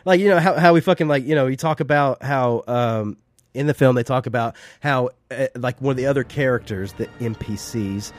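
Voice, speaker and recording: A man's voice: mid-range voice, fairly quick, no room sound. A man co-hosting a podcast, rambling and restarting sentences as he discusses a film, swearing casually. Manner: rambling, hesitant, profane. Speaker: podcast co-host.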